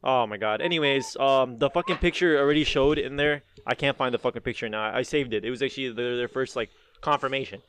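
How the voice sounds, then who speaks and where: A man's voice: medium pitch, fast, fairly bright tone, clear, resonant tone. A young man rambling through a casual chat with friends, swearing often and saying "dude" a lot. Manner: rambling and profane, leans on "dude".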